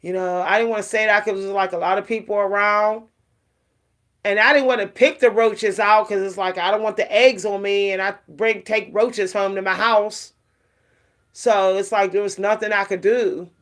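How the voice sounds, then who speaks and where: A woman's voice: mid-range voice, fairly even intonation, moderate pace. A middle-aged woman vlogging casually about self-care, talking frankly and rambling with lots of fillers.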